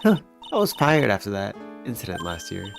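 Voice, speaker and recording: A man's voice: lowish voice, wildly swooping pitch, a little fast, creaky, music in the background, full character voice. A man voicing a cheerful, unlucky young waitress while reading game dialogue aloud, in a plain voice with only a light attempt at a girl voice. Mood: upbeat. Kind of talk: let's play dialogue reading.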